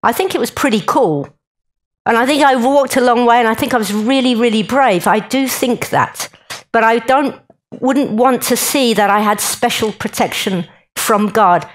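A woman's voice: fairly high pitch, moderate pace, low-quality recording. A woman giving a chatty, joking talk to a live conference audience and speaking straight to the crowd.

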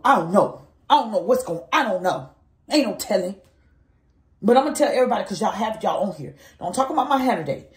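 A woman venting to her handheld phone camera, telling a story in an animated, exasperated way. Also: on the high side, reverberant. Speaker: vlogger.

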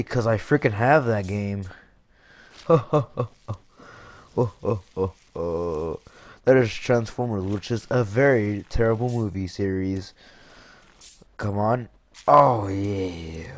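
A young man giving jokey let's-play commentary over a game, excitable, with sudden yelps and shouts. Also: lowish voice, drawn-out words, long pauses, dry recording. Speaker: gaming YouTuber.

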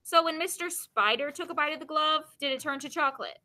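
A woman reading a children's chapter book aloud, pausing to explain the story in plain, casual words. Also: sits high, sharp tone, rough recording.

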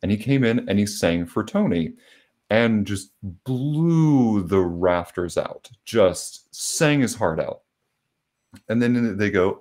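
A man from South Carolina hosting a podcast, chatting casually and telling stories at an unhurried pace with many filler pauses. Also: lowish voice, a little mellow. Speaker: podcast host. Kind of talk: casual conversation.

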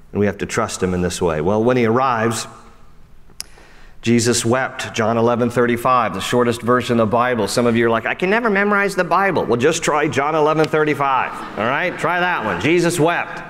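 A man preaching a sermon as pastor, animated and conversational, swinging between emphatic high lines and soft low ones, with frequent casual asides. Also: normal speed, long reverb tail. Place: church sanctuary.

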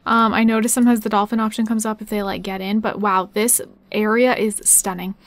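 A young woman giving casual, excitable gameplay commentary, talking fast and chatty as she plays. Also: mid-range voice. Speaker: gaming YouTuber.

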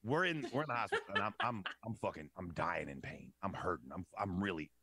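Young guy swearing his way through a story, lively voice, bit low, dry sound. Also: fast talker, slightly rough, dry recording. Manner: profane, animated storyteller. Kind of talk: casual storytelling chat.

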